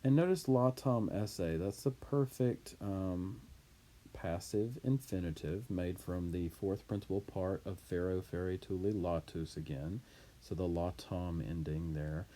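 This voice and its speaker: A man teaching Latin, reading a text aloud and explaining it deliberately, word by word. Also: low-pitched, dark tone.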